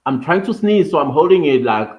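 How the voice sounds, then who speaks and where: A man hosting a casual livestream, animated and laughing often as he thanks his viewers by name. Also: fairly high pitch, a little fast, muffled recording. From South Africa. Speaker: livestream host.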